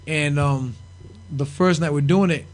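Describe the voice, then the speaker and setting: A man's voice: fairly high pitch, measured pace. A man casually telling profane backstage stories as a podcast guest, laughing and acting out the people he quotes. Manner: profane, animated, laughing, acts out quoted voices. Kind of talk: casual storytelling.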